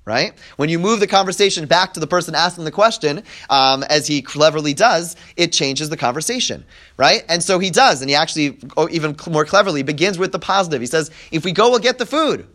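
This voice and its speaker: This Bible teacher's voice is fairly high, animated, a bit bright, and a little fast. In his text-study class he reads verses aloud, translates line by line, and acts out who's speaking. He breaks things down step by step and keeps asking "right?"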